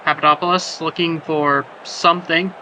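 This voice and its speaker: A man's voice: on the high side, steady tone, normal speed, bright, forceful tone, low-quality recording. A man calling a soccer match play by play, jokey and rambling between plays and surging on chances. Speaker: play-by-play commentator. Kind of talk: sports commentary of a simulated soccer match. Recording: background noise.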